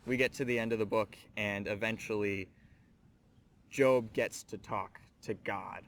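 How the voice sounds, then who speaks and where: A man's voice: fairly low pitch, fairly even intonation, a little slow. A man hosting a scripture teaching show, speaking earnestly and reflectively, addressing the listener directly. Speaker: host of a Bible teaching show.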